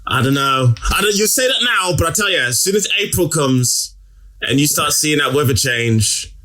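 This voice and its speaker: A man's voice: on the high side, lively intonation, moderate pace, bright, forceful tone. A man co-hosting a podcast in casual chat over a video call, laid-back and laughing often. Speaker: podcast co-host. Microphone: remote video call.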